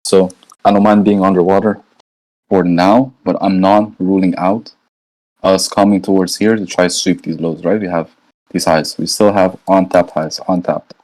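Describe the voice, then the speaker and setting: A trading educator with a low, steady, darkish voice speaks at a moderate pace on a rough recording. He goes through charts live in a casual, slangy style, thinking out loud and often asking "right?"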